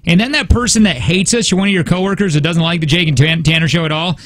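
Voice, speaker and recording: A man's voice: a little high, fast, a bit bright, no room sound. A man co-hosting a radio show in the studio, telling stories in a chatty, rambling way with many restarts. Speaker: radio co-host. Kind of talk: casual morning-show banter.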